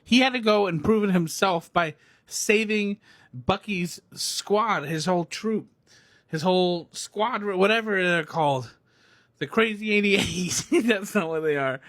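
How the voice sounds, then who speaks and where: A young male movie reviewer rants casually about a film in a high-pitched, unhurried voice, excitable and rambling and laughing often. Self-filmed on a phone or camera, the recording is dry and of studio quality.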